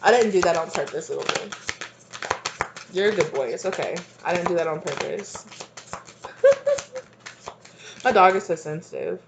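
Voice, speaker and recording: Tarot reader, female, low pitch, casual and rambling, quick to laugh at herself. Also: big pitch swings, background noise. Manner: rambling, repeats herself, many fillers; laughs easily, chatty asides. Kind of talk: casual spoken tarot reading.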